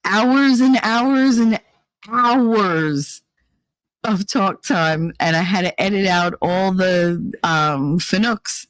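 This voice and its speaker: A woman's voice: lowish voice, no room sound, low-quality recording. A woman livestreamer chatting casually in a blunt, rambling way, swearing and laughing often.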